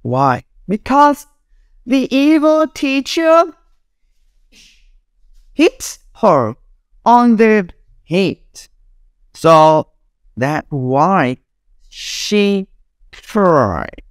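A woman's voice: low-pitched, big pitch swings, very slow, long pauses, no room sound, studio quality. A young woman teacher drilling English words for children, repeating each one and laughing between examples. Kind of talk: classroom drilling lesson.

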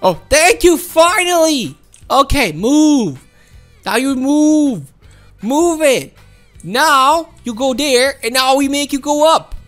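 A woman's voice: high-pitched, expressive, takes it slowly, soft background music. A woman giving casual gameplay commentary, playful and coaxing her teammates, often laughing. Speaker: gaming commentator.

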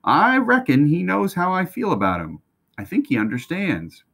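A man voicing an eager, polite young stable boy in a read-aloud storybook, speaking earnestly with a gentle drawl. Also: high voice, huge pitch swings, moderate pace, vocal fry, pitched above the performer's own voice, heavily acted.

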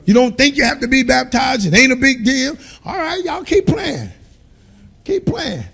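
A man preaching a sermon as pastor, calling out to the congregation and swinging between quiet storytelling and shouting. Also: extremely high pitch, sing-song, moderate pace, vocal fry, slightly rough.

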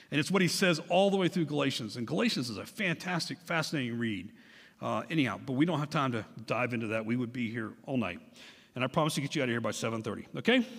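A man preaching a sermon as pastor, emphatic and conversational, repeating phrases for stress. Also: medium pitch. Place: church hall. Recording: long church hall reverb.

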